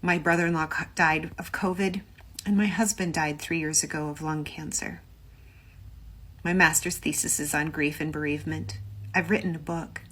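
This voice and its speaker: Middle-aged woman psychologist, lowish voice, measured testimony. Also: steady tone, fairly bright tone, breathy edge. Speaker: clinical psychologist.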